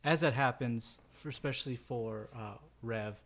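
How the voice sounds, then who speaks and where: A man's voice: medium pitch, unhurried, creaky, fairly bright tone. A man running a tabletop role-playing game as game master, narrating hesitantly with frequent fillers. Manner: hesitant, full of "um" and "kinda".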